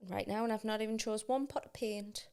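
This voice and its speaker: A woman's voice: mid-range voice, fairly even intonation, a little fast, a little mellow, clear, resonant tone. A woman, co-hosting a casual podcast chat and telling everyday stories with quoted voices. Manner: chatty storyteller acting out quoted voices. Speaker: podcast co-host.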